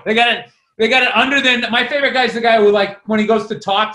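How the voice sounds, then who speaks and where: Male co-host, profane ranter, bright forceful tone. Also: extremely high pitch, fairly even intonation, fast talker, hardly any pauses. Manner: profane, ranting. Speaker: podcast co-host. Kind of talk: casual chat. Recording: roomy echo.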